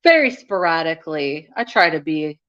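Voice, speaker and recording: A woman's voice: deep voice, very animated, normal speed, a bit bright. A young woman hosting a casual live chat with her viewers, talking frankly and scatteredly and laughing often. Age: young adult. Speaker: YouTube channel host. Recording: dull lo-fi sound.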